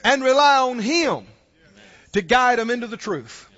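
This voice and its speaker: Male pastor, sermon delivery, emphatic swings from shouts to low tones, dull recording. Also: expressive, unhurried, big-room sound. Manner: emphatic preaching, rising to shouts and dropping low.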